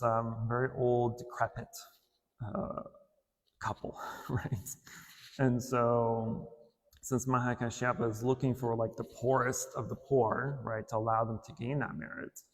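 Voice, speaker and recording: Man retelling a temple story, flat. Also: medium pitch. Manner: relaxed, with filler words and light chuckles. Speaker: temple speaker. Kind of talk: casual dharma talk storytelling. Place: temple hall. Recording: long hall reverb.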